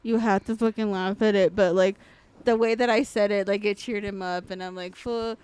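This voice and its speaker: A woman's voice: medium pitch, fairly even intonation, brisk, a little mellow, smooth, no room sound. A woman co-hosting a podcast, telling stories in casual chat, swearing freely and laughing often. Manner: profane, laughing storyteller. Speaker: podcast co-host.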